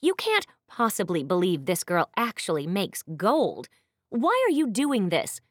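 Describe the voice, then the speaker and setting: A woman's voice: medium pitch, wildly swooping pitch, unhurried, no room sound, studio quality. A woman doing an indignant, scolding princess. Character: furious royal young woman, imperious elder sister.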